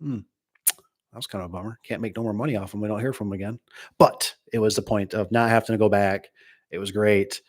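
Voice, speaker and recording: A man's voice: fairly low pitch, fairly even intonation, a little fast. Rambling, joking middle-aged man. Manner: rambling, joking, many restarts and asides. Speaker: garage door business owner. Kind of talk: casual storytelling to a live chat.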